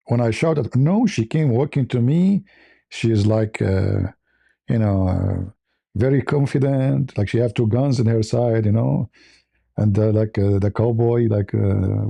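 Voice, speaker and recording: This male host of a casual talk show has a mellow, creaky voice, speaks a little slowly, and is recorded with no echo. He rambles through a story full of restarts and fillers, putting on squeaky voices whenever he quotes someone.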